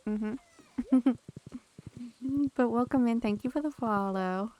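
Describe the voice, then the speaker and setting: A woman's voice: a little high, measured pace, mellow. A young woman streaming a game, chatting casually and thanking viewers by name as she plays. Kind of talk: casual live-stream chat.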